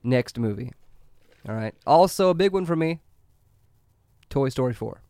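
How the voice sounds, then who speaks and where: A man's voice: mid-range voice, expressive, a little slow, mellow, no echo, clean studio sound. Laughing young man chatting about movies. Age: 20s. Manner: laughs often, restarts and repeats words. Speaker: podcast co-host. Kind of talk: casual chat about movies.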